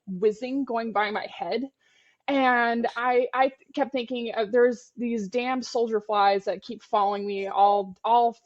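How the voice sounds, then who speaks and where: A woman's voice: medium pitch, muffled recording. Candid woman telling field stories. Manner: animated, frank, swears freely. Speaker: podcast co-host, turtle biologist. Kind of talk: casual storytelling.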